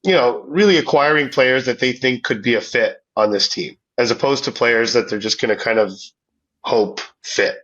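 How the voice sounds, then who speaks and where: A man's voice: mid-range voice, moderate pace, a bit bright, husky, highs cut off. A man co-hosting a casual sports podcast, talking through his thoughts with many restarts and easy laughs. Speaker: podcast co-host. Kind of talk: casual hockey podcast chat.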